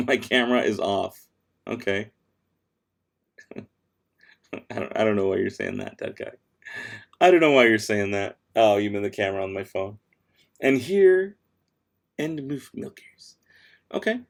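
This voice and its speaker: This dad's lowish, gravelly voice is animated but a little slow, and he pauses often. Streaming late at night from home, he reads out viewers' questions and answers them with offhand sass between tasks.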